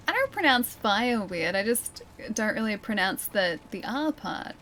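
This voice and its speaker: Giggly high-voiced woman streamer. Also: sing-song, a little slow, pushed and bright, slight background noise. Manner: chatty and giggly, thinks aloud. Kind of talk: casual gameplay commentary.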